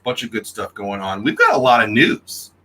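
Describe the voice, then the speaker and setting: Brief: talkative male livestream host, bright and forceful voice, greets chat nonstop. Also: lowish voice, sing-song, normal speed, low-quality recording. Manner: chatty, greets viewers in the chat by name. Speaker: host of a daily news livestream. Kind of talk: casual live chat.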